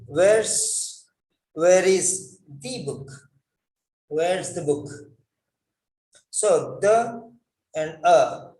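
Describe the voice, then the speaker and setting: A man's voice: sits high, darkish tone. A man teaching English pronunciation, repeating words over and over to model how they should sound. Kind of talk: classroom lesson on pronunciation. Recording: echoey room.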